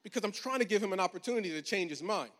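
A pastor in his forties tells stories from the pulpit of a large church in a high-pitched, fairly bright voice, talking animatedly and rapid-fire. Chatty and funny at first, he builds to emphatic preaching. The recording has a long hall reverb.

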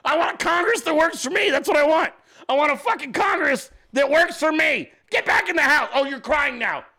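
A man voicing an irate older man who shouts profanities at Congress in a high, strained voice. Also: lively intonation, fairly quick, exaggerated voice. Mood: furious.

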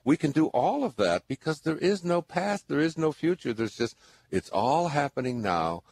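A man's voice: on the high side, sing-song, normal speed, gravelly, a little mellow, dry recording. An older man hosting a radio call-in, giving spiritual advice in an earnest, rambling way, with many restarts. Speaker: radio show host.

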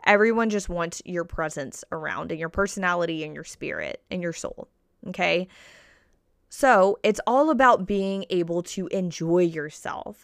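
A woman's voice: on the low side, smooth, no room sound, clean studio sound. A woman coach giving casual motivational podcast talk, repeating key points and checking in with listeners. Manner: checks in with listeners constantly, "right?" and "okay?". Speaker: body-confidence coach.

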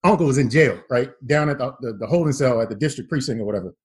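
A man telling a story in casual chat, slangy and animated, acting out the lines he quotes. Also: mid-range voice, fast talker.

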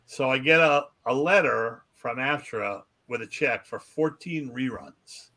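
A man with a bright, forward voice, a magician and comedian, tells showbiz stories in a relaxed podcast chat. He keeps breaking into other people's voices as he acts out the quotes in his tale. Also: medium pitch, measured pace. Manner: animated storyteller acting out quoted voices.

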